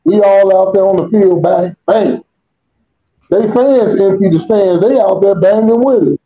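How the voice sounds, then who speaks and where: A man with a high voice tells a long story on a casual podcast. He is profane and animated and acts out every quote. The recording sounds dull and lo-fi. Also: measured pace. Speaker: podcast co-host. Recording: dull lo-fi audio.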